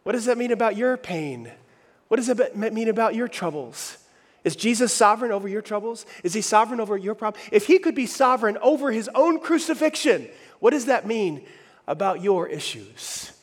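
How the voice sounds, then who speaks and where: High-voiced male preacher, echoing hall. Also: expressive, fairly quick. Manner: emphatic, swinging between loud and quiet, asks the audience questions. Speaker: pastor. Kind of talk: sermon.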